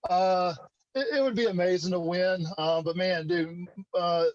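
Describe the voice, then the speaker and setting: A casual man in his thirties with a slow Mississippi drawl, speaking as a guest on a video call. His voice sits a little high, and the line sounds dull, lo-fi and bone-dry. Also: fairly even intonation, no room sound. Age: 30s. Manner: laid-back drawl, says man and dude a lot. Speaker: interview guest. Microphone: computer video call.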